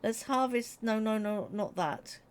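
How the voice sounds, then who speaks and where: A woman's voice: fairly high pitch, measured pace, clean tone. Chatty woman streaming a game. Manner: chatty, giggly, reads chat aloud. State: slightly froggy throat. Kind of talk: casual live-stream chat while playing.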